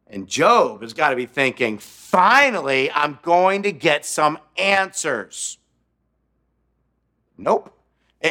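Bright-voiced, unhurried male preacher. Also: medium pitch. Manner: storytelling, acting out quotes with jokes. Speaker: pastor. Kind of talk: sermon.

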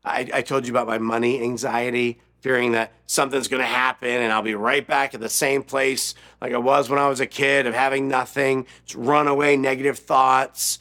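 A man preaching a sermon, dropping to a near-whisper and then rising to an urgent raised voice, slowing and repeating key phrases. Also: mid-range voice, little pitch movement, sharp tone. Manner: repeats words and restarts, stresses key phrases slowly. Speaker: pastor.

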